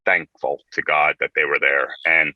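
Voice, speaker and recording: A man's voice: very deep voice, flat delivery, normal speed, dry recording, muffled recording. A middle-aged man, a talk-show guest, earnestly and vividly telling a personal story.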